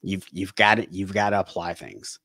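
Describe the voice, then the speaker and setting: Man, low register, podcast guest coach; casual and animated, restarts sentences, dry close sound. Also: normal speed, creaky, no room sound. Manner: animated storytelling, acting out panicked inner voices; frequent restarts and repeated words. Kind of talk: casual conversational interview.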